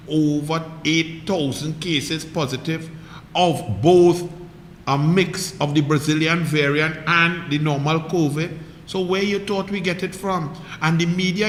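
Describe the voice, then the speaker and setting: A man's voice: a little high, steady tone, measured pace, fairly bright tone, echoey room, in a large hall, a little hiss or hum. A man with a Trinidadian accent giving a heated, mocking political monologue full of rhetorical questions. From Trinidad and Tobago. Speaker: political commentator.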